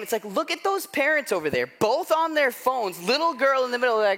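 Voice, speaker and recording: High-voiced pastor, chatty and self-mocking. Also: male voice, brisk, hardly any pauses. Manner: animated storytelling with self-deprecating humor; conversational, frequent "like" and "right?". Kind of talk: sermon.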